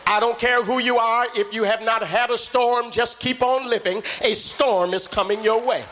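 A man preaching a sermon to a congregation, building to shouted, half-sung calls. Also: very high-pitched, fairly even intonation, moderate pace, some chatter behind.

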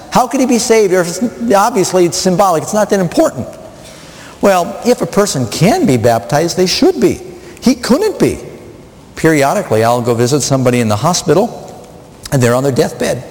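A man preaches a sermon with a fairly high voice that swings widely in pitch as he builds each point. He poses rhetorical questions to a studio audience and drives home his emphasis. His voice rings with a long reverb, as if filling a large hall. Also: darkish tone. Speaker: pastor.

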